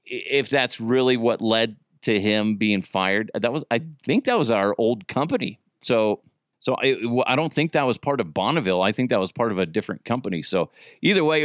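A man in his thirties hosting a podcast, telling old radio stories in a rambling, profane, animated way with frequent restarts. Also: medium pitch, moderate pace, no echo, clean studio sound. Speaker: podcast host, former radio producer. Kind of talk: casual storytelling.

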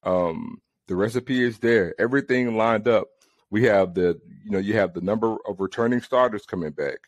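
A man's voice: lowish voice, moderate pace, no room sound. A man on a casual sports podcast who sounds confident and uses many "um" fillers.

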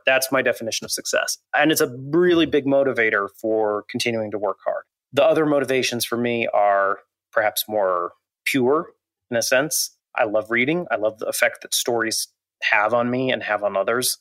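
A man in his thirties, an author talking reflectively in an interview, measured and thoughtful with frequent restarts. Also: medium pitch, fairly bright tone, no room sound. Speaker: fantasy author, guest.

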